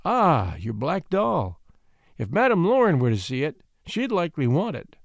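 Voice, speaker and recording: A man's voice: on the high side, huge pitch swings, normal speed, gravelly, no echo, studio quality, full character voice. A man doing a mild, kindly uncle.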